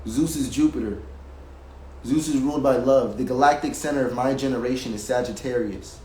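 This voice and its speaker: A man's voice: medium pitch, brisk, a little mellow. Man, rambling casual rant, profane, emphatic, home setup, roomy sound, faint hiss. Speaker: streamer reacting to a video. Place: home music recording setup.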